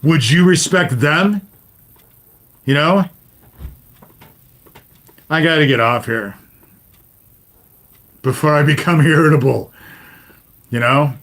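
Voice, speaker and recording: A man in his fifties delivers a profane livestream rant, speaking directly to the people in his chat. His voice sits a little high for a man. He peppers his sentences with swearing and a habitual "you know?". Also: slow pace, pauses often, a bit bright. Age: 50s. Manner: swears constantly, addresses viewers directly, repeats "you know?". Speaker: livestream host.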